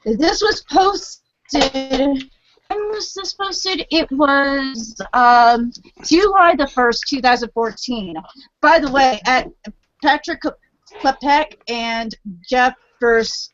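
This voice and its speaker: A woman's voice: sits high, takes it slowly, a bit bright. A woman in casual chat, blunt and swearing freely, over a muffled voice chat with faint noise.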